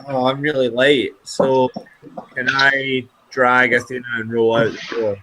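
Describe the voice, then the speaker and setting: A man's voice: mid-range voice, flat delivery, unhurried, noisy background. A man playing a tabletop game, speaking politely but a little confused and hesitant. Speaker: player.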